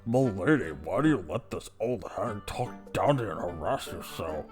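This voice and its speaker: A man's voice: on the low side, animated, normal speed, faint music behind, natural voice. A man voicing a creepy, fawning young neckbeard who speaks in a stiff, pompous, formal way.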